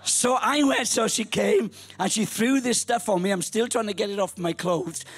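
A man in his sixties preaching a humorous storytelling sermon, lively, rising to shouts. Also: high voice, moderate pace. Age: 60s. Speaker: pastor.

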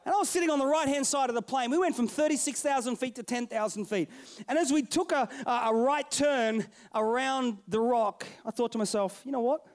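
A man over thirty-five preaching a sermon, telling stories and swinging between loud bursts and hushed lines. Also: very high-pitched, fairly quick.

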